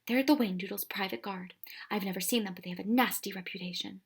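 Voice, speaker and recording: A woman voicing a kindly older male professor who speaks in a grave, breathy half-whisper. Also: medium pitch, quick pace. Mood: grave hushed.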